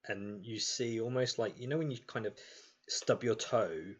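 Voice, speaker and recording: A man's voice: fairly low pitch, normal speed, husky, highs cut off. A man running a tabletop game, narrating in a loose way with plenty of fillers. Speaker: game master.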